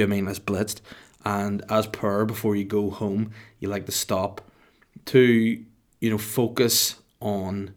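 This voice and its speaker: A man in his thirties hosting a podcast, telling a rambling comic story in a jokey, self-mocking way. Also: lowish voice. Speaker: podcast host.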